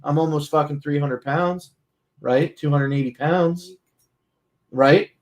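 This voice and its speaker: A man's voice: fairly high pitch, slow pace. A man streaming, talking casually in a blunt, profane, rambling way. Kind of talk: casual talk.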